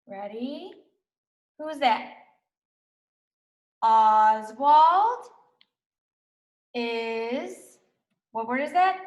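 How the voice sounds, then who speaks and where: A young woman teaches a recorded reading lesson for small children, her voice high and her pace unhurried. She sounds out each word slowly and keeps encouraging. The room around her is echoey. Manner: slow, sounds out letters and words, encouraging.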